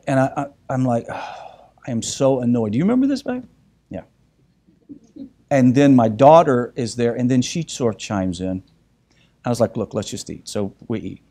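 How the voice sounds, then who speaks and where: A middle-aged man speaks to a group in a warm, dark voice, mid-range in pitch. He tells a story from his own family life, acting out what each person said, stopping and restarting his sentences as he talks. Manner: animated storyteller, acts out voices, many restarts. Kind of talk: storytelling talk.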